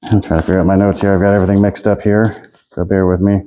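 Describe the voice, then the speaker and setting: A man with a dark, mellow voice teaches a small, relaxed class. He talks in a loose, chatty way, stopping to laugh and shuffle through his notes. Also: sits low, fast talker.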